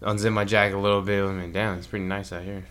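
A man co-hosting a podcast, casually retelling a trip in a rambling, animated way. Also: deep voice, fast talker, smooth. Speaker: podcast co-host. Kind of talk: casual storytelling chat.

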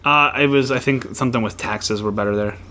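A man co-hosting a podcast, chatting casually and retelling a show with animated storytelling. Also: medium pitch, a little fast, slight background noise. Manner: animated storytelling with playful impressions. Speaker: podcast co-host.

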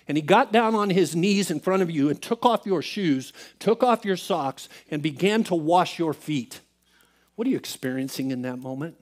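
A man preaching a sermon as pastor, swinging from loud emphatic bursts to soft hushed asides. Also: fairly high pitch.

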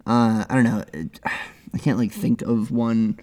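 A man's voice: medium pitch, fairly even intonation, measured pace, a little mellow. A man co-hosting a casual chat, rambling and joking with lots of restarts. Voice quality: rambling, many fillers and restarts. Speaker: podcast co-host.

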